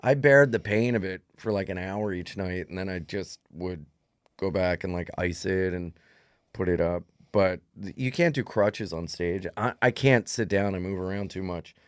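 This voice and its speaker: A man's voice: deep voice, normal speed, clear, resonant tone, dry recording, clean studio sound. A man, a comedian co-hosting a podcast, telling a casual profane story about an injury. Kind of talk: casual chat.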